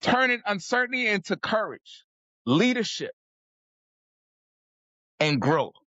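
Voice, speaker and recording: Bright, high-voiced hyped male host. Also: very animated, slow pace, no echo, muffled recording. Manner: hyped, talks straight to listeners. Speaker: podcast host. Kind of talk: energetic podcast intro and chat.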